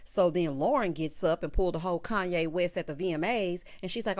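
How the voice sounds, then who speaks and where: A woman's voice: lowish voice, fairly quick, a little mellow. A woman recapping a TV episode in a sassy, chatty way, talking straight to her viewers. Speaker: TV recap vlogger. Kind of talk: casual episode recap commentary.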